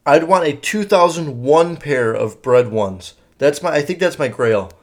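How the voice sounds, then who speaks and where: Rambling, swearing young podcast host. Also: male voice, fairly high pitch, expressive, a little slow. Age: young adult. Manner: rambling and profane, many fillers. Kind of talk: casual solo podcast chat.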